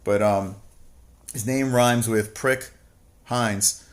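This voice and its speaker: Speaking slowly in a lowish, steady voice, a man co-hosts a laid-back livestream. He reads the chat and rambles about a TV show, full of constant swearing and mocking jokes.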